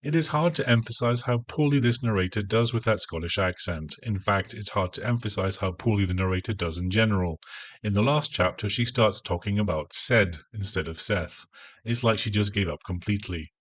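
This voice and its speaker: Male reviewer, deadpan and sarcastic, deep-ish, flat dull recording. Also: brisk, slightly rough, dry recording. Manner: dry, sarcastic, scornful. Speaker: audiobook reviewer. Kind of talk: spoken review.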